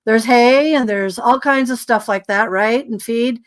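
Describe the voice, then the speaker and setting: A woman's voice: a little high, a little slow. A woman guest telling a story in casual conversation, acting out dialogue with lots of fillers and sounding tired. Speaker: podcast guest.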